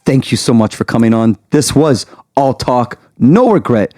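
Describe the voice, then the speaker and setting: A man's voice: mid-range voice, expressive, moderate pace, darkish tone, dry recording, studio quality. A man hosting a podcast as a wedding MC, chatting casually in a playful, teasing way. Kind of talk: casual chat.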